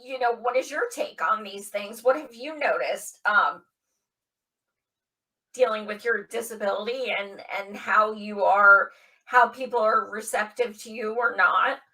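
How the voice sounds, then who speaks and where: A woman hosting a panel discussion, relaxed and easygoing as moderator. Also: medium pitch, measured pace, recorded from a distance, rough recording. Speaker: host.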